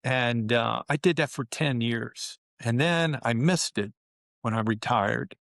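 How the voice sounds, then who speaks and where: A man in his seventies, a former pro basketball player, telling stories as an interview guest in an animated way, often saying "you know" and "man". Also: mid-range voice, takes it slowly, gravelly, no echo, studio quality. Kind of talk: interview storytelling.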